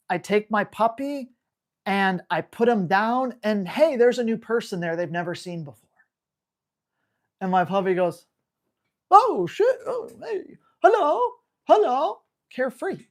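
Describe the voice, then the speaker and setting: A man's voice: high voice, unhurried. A man hosting a live dog-training Q&A, talking bluntly and hammering home key words. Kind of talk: live Q&A stream.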